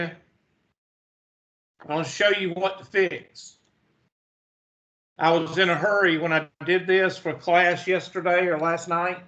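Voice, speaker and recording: A man's voice: a little high, bright, forceful tone. A man teaching a math class, folksy and joking, in a dull lo-fi classroom recording. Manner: folksy, joking asides, slow deliberate delivery. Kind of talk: classroom lecture.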